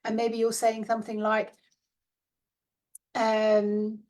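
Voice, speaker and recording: A woman's voice: medium pitch, normal speed, a little mellow. A middle-aged woman, giving a casual spiritual talk in a chatty, dreamy way and laughing often. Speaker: spiritual teacher and card reader. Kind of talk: casual guided visualization talk.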